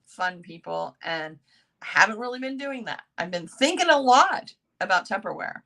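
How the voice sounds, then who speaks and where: A middle-aged woman hosts a casual motivational chat. She rambles and pokes fun at herself, and her voice sounds bright and forceful. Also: medium pitch, very animated, moderate pace, vocal fry. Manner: chatty, rambling, self-mocking. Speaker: host.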